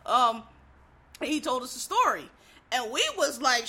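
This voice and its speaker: A woman's voice: high-pitched, lively intonation, moderate pace, bright, forceful tone, breathy edge. A woman from Philadelphia in a casual, profane monologue, ranting bluntly as a podcast host.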